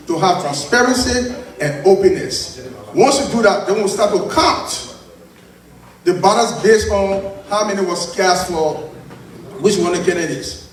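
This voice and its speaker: A man, firmly repeating instructions as an election commissioner at a convention meeting. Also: high-pitched. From Liberia. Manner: firm, repetitive, giving instructions. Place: large convention hall. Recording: very echoey hall, far from the mic.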